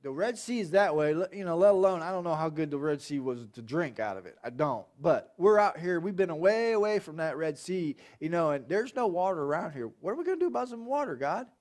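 A man's voice: a little high, animated, a little fast, hardly any pauses, darkish tone, pitched below the performer's own voice, close to an everyday voice. A man preaching, voicing Moses as a worried, questioning man. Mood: anxious.

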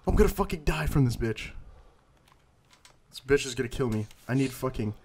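A man hosting casual gameplay commentary, swearing freely and yelling at in-game scares. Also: mid-range voice, animated, a little fast, crowd noise. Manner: profane, shrieks and yells at in-game scares. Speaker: gaming channel host.

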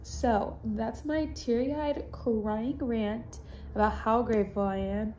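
A woman's voice: a little high, fairly even intonation, takes it slowly, dark tone, a little hiss or hum. A young woman vlogging into her phone with a teary, crying voice, gushing and saying "like" constantly, in a hotel room. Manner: gushing, heavy use of "like". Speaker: fitness influencer. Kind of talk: casual vlog confession.

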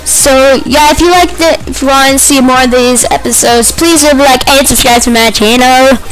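Chatty woman narrating her game, kinda high voice, gets excited fast. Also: soft background music, poor audio. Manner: chatty and excitable, quick outbursts. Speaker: video game player. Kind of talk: casual gameplay commentary.

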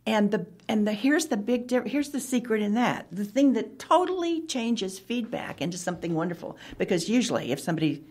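A woman speaks with a slightly husky, breathy voice at a middle pitch. As an author guest in an interview, she tells stories conversationally and slips into animated acted-out dialogue. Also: brisk, few pauses. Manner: animated, acts out quoted dialogue.

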